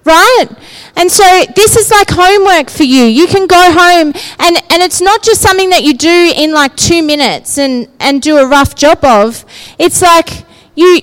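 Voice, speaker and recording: A woman's voice: sits high, lively intonation, moderate pace, poor audio. A woman giving a sermon in a conversational way, often asking her listeners "right?" and "yeah?". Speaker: preacher.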